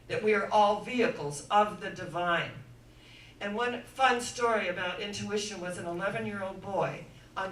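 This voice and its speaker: A woman giving an inspirational sermon-style talk, telling stories dramatically and swinging from hushed to loud. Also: mid-range voice, a little hiss or hum. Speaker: inspirational speaker. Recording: echoey room, voice from far off.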